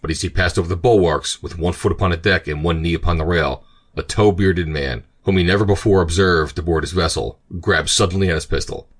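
A man narrating an audiobook in a steady, measured way. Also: deep voice.

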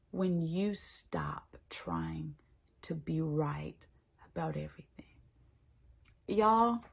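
Woman giving a devotional with a husky, gravelly voice. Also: lowish voice. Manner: animated, shifting between emphatic and hushed whispered delivery. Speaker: Christian devotional speaker. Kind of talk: spoken devotional message. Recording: tinny phone-like sound.

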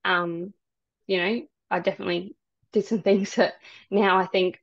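A woman guest on a podcast telling her story in casual chat, soft and hesitant with many ums. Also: fairly low pitch, little pitch movement, normal speed, vocal fry, no echo. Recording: dry, dull lo-fi sound.

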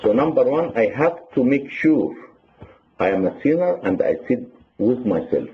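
A man's voice: medium pitch, animated, moderate pace, dull audio, a little hiss or hum. A man with an Egyptian Arabic accent and Arabic as his first language, giving a sermon on confession that counts its points aloud. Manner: counts points aloud, retells church stories. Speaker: deacon teaching on confession.

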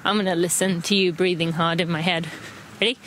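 A woman's voice: on the low side, steady tone, fairly quick, a bit bright, slight background noise, rough recording. An English woman hosting a running podcast, chatting casually and counting listeners into strides as she walks outdoors. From England. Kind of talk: casual audio running guide. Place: walking outdoors.

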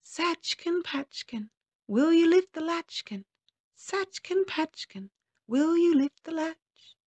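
Storybook hobgoblin, tiny and green, chanting high and thin, read by a woman. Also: animated, slow, a little mellow, full character voice. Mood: sing-song.

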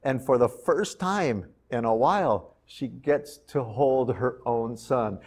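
A male pastor giving a sermon in an animated, conversational storytelling manner. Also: mid-range voice, slow, slightly rough. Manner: animated, conversational, slips into character voices.

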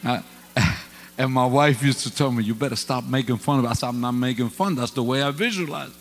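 A man preaching a storytelling sermon as pastor, swinging from quiet asides to loud exclamations, speaking into a microphone in a church sanctuary. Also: medium pitch, a little fast. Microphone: handheld or stand mic. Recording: reverberant church hall with faint hum.

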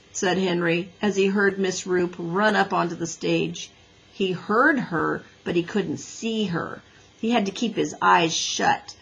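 A woman gently narrating a children's storybook in a breathy voice. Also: fairly low pitch, rough recording. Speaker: audiobook reader.

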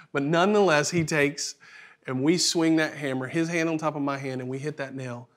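A man giving a conference keynote, telling a self-deprecating story in an animated, humorous way. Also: a little high, brisk. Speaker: keynote speaker. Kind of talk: storytelling sermon. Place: conference hall stage.

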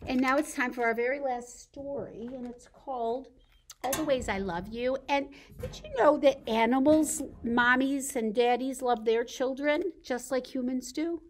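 Gentle high-voiced woman librarian. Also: fairly even intonation, normal speed. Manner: gentle, sing-song, coaxing tone for little ones. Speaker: children's librarian. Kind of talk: baby storytime with songs and rhymes.

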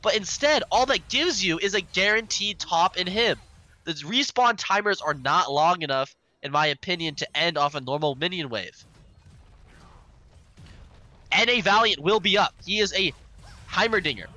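A man with a hoarse voice casting esports play-by-play with excitable energy, coughing now and then. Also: high voice, moderate pace, no room sound. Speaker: esports caster. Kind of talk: live esports commentary.

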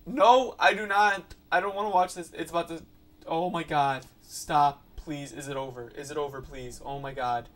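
A man's voice: fairly high pitch, fairly even intonation, normal speed. A man hosting a horror reaction video who talks in a panicky way and keeps repeating exclamations. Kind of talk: reaction commentary.

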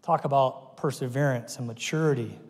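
A man's voice: medium pitch, moderate pace. A man preaching a sermon as pastor, telling stories with energy and acting out the people he quotes. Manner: animated storytelling, acts out quoted voices. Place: church auditorium. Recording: long reverb of a church hall.

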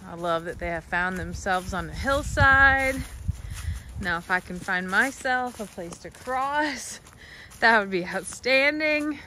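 A woman's voice: medium pitch, animated, slow pace, bright, forceful tone, slight background noise. A woman vlogging outdoors on a farm, chatting casually and cooing at her goats, with frequent laughter. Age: adult, working a day job. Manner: coos and baby-talks to goats, laughing often. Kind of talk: casual vlog narration.

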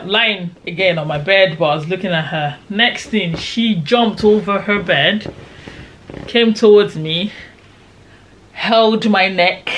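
Animated young woman telling a story. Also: fairly low pitch, slight background noise. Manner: animated, dramatic retelling with quoted shouts. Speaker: storyteller vlogger. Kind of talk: casual storytime.

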